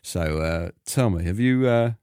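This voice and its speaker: Self-important middle-aged British presenter, a man's impression, lively pitch, dry close sound. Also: a little slow, clear, resonant tone, dry recording. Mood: pompous. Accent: British English. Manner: self-important, puffed-up delivery. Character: pompous middle-aged male radio presenter, awkward. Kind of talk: comedy impression reading a script.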